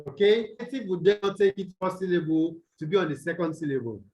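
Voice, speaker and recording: High-voiced male tutor on a video call. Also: expressive, fast, darkish tone, poor audio. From Nigeria. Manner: checks in often with "okay?" and "the what?". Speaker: English tutor. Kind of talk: online tutorial on stress rules.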